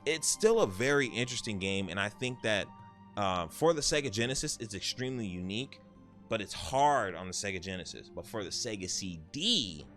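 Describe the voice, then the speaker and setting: A man in his thirties chatting casually about games he beat, telling stories in an animated way with some swearing. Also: lowish voice, soft background music. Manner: animated storytelling, swearing, quick asides. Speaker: gaming YouTuber. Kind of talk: casual game review chat.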